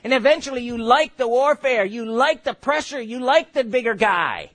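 Preacher, male, middle-aged, high-pitched, emphatic delivery that swings from quiet to shouting. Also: expressive. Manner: emphatic, builds to shouted exhortations and quick asides. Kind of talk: sermon.

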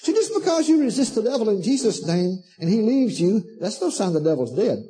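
A man's voice: sits high, very animated, brisk, mellow, breathy edge, low-quality recording. A man preaching a sermon to a congregation, fervent and emphatic, repeating himself and calling listeners "honey".

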